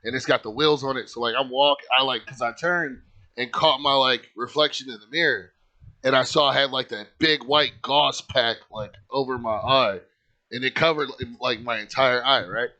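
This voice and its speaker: A man's voice: mid-range voice, steady tone, moderate pace, sharp tone. A man casually telling a personal story in a rambling, conversational way, full of "like" and "you know", earnest and heartfelt. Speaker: channel host telling his own story.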